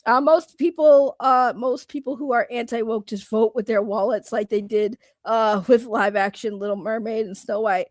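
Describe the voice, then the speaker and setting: A woman from Boston ranting on a live stream, loud, blunt and sarcastic, laughing often. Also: on the high side, steady tone, normal speed, hardly any pauses, dry recording. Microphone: computer microphone.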